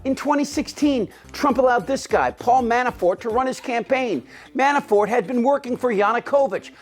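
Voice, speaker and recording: A man hosting a political commentary show, delivering a scripted, biting, sarcastic monologue. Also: extremely high pitch.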